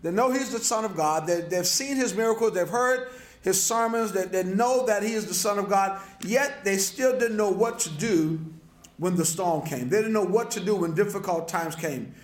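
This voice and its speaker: A man's voice: high-pitched, moderate pace, roomy sound. A man preaching a sermon, passionate, with repetitions and stammered restarts. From New Orleans, USA. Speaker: pastor. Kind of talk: sermon lecture. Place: lecture hall.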